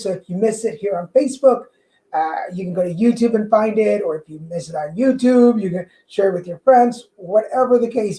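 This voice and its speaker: Woman, livestream tarot host, slight Mexican accent, excitable, chatty, mellow tone. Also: mid-range voice, rough recording. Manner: chatty, excitable, restarts often. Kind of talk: casual livestream chat to viewers. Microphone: corded mic.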